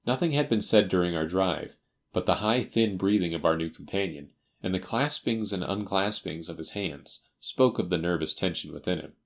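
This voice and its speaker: A man narrating a classic detective story for an audiobook in a measured, expressive manner. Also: low-pitched. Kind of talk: scripted narration.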